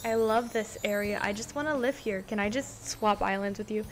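A woman's voice: medium pitch, fairly quick, rough recording. A young woman in casual reaction commentary, touring a video game island and gushing, repeating words as she reacts. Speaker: gaming vlogger. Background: game background music.

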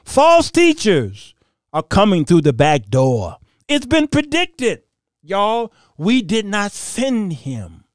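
A man preaches on his own show, his high voice swinging up and down. He laughs, mocks and reads passages aloud. The sound is close and dry. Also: no echo. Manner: laughing, mocking, reading scripture aloud. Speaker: host of a Bible commentary show. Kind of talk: animated preaching commentary.

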